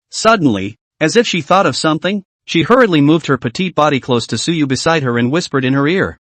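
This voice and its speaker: Brief: male narrator, lively read-aloud story recap, fairly high voice. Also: fairly quick, few pauses, dry recording. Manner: steady read-aloud delivery.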